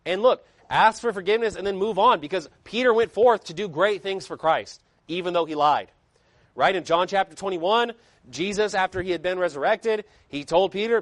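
A man delivers a sermon, his voice pitched a little high for a man. He swings between forceful emphasis and quieter, lower stretches, reading old-style scripture lines aloud. The sound is dry with no room echo. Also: normal speed. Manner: emphatic preaching with rising and falling intensity. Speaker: preacher.

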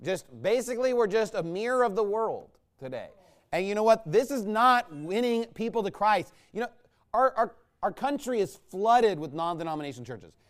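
A man preaching a combative, mocking sermon, swinging between low muttering asides and loud outbursts. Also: lively intonation, normal speed. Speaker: pastor. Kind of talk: fiery sermon rant.

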